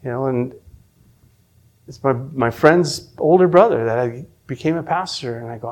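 Speaking at a moderate pace in a medium-pitched voice, a middle-aged man gives an emotional, sincere testimony of his faith. He frequently begins sentences over, and his volume sinks from loud to quiet.

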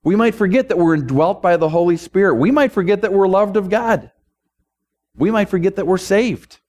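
A man's voice: high-pitched, animated, moderate pace, a little mellow. A male pastor delivering a sermon and prayer, building emphatic, repetitive rhetorical runs.

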